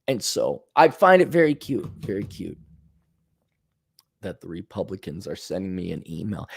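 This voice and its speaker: A man's voice: deep voice, very animated, a little slow, vocal fry, long pauses, breathy edge. A middle-aged man from Minnesota hosting a podcast, ranting casually, swearing and mocking with sarcastic impressions. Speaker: podcast host. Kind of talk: casual monologue.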